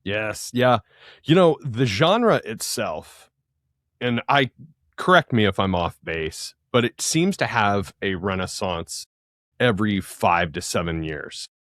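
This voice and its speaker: A man hosting a podcast, asking long, measured, thoughtful questions. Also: fairly low pitch, expressive, fairly bright tone, no echo, clean studio sound. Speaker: podcast host. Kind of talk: interviewing.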